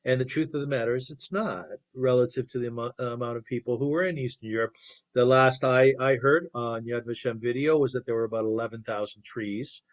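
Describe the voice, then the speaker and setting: A man teaches by telling stories in a relaxed, conversational way. He keeps putting questions to his listeners. The sound comes through a video call. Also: medium pitch, brisk. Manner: conversational, asks the audience questions. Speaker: lecturer. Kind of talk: storytelling lecture.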